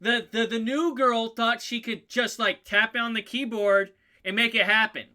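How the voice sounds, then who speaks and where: A man doing a sneering high-pitched science officer. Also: big pitch swings, unhurried, full character voice. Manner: mocking, shouting to a coworker. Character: haughty male starship science officer, condescending.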